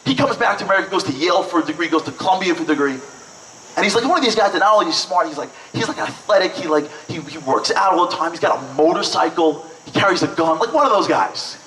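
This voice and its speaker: A man from Brooklyn, telling lively, joking stories to an audience with lots of "like"s. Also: high-pitched, fast talker, a little hiss or hum. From Brooklyn, New York. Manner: lively, joking, chatty with many "like"s. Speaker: event speaker. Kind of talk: storytelling speech to an audience. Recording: echoey hall, mic at a distance.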